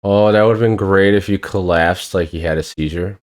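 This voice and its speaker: A man's voice: deep voice, normal speed. A man hosting a casual talk with laid-back, short remarks. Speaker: host. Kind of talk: casual chat.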